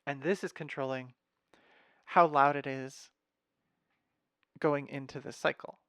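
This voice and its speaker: A young man casually walking through his music software patch, thinking aloud with fillers and wry asides, recorded at his computer. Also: mid-range voice, steady tone, measured pace, no room sound, studio quality. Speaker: music software tutorial host. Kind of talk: casual screen-share walkthrough.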